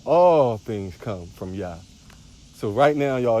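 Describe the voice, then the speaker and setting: A man's voice: medium pitch, lively intonation, takes it slowly, darkish tone, slight background noise. A man, a spiritual teacher, preaching on a livestream outdoors, repeating phrases with a sing-song emphasis.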